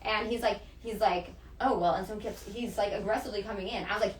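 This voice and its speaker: Woman, fast talker, swears a lot, quotes people in dialogue, echoey room, distant mic. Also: mid-range voice, fairly even intonation, a little hiss or hum. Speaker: podcast guest, dominatrix. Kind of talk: casual storytelling chat.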